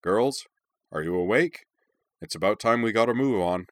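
A man reading the lines of a brisk middle-aged father who calls through a door to hurry the girls along. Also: on the low side, expressive, no echo, studio quality, lightly acted.

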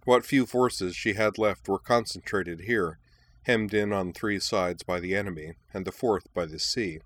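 Deep-voiced man narrating a war story. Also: a little slow, a bit bright.

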